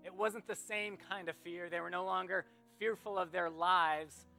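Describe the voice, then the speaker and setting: Slow, earnest preaching man. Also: sits high, fairly even intonation, vocal fry, soft background music. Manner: slow, earnest preaching with dramatic pauses and falling quiet endings. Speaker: pastor. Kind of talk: sermon.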